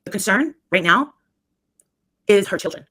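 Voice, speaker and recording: A woman's voice: medium pitch, animated, normal speed, fairly bright tone, husky. A woman on a live stream who rambles on scornfully and repeats herself, talking into a phone or webcam. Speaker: livestreamer. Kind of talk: rambling livestream gossip.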